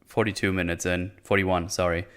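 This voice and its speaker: A man's voice: deep voice, flat delivery, a little fast, fairly bright tone, smooth. Profane, sarcastic male reviewer. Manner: profane, sarcastic, mocks characters in silly voices. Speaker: video reviewer. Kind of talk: casual rant review.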